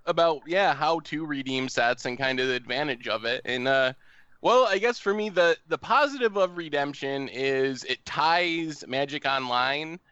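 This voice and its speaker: A man on a casual podcast, thinking aloud and giving measured advice with a dry wit. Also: fairly high pitch, pushed and bright, clean tone, no echo. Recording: dull, dry lo-fi podcast audio.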